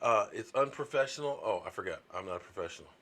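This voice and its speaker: A man's voice: fairly low pitch, expressive, quick pace, fairly bright tone. A man hosting a casual sports talk video, ranting indignantly and rambling with restarts.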